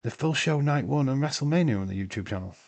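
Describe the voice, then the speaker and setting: A man's voice: mid-range voice, lively intonation, fast, darkish tone. A man hosting a casual live watch-along stream, chatting loosely, answering viewers' comments and swearing now and then. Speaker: livestream host.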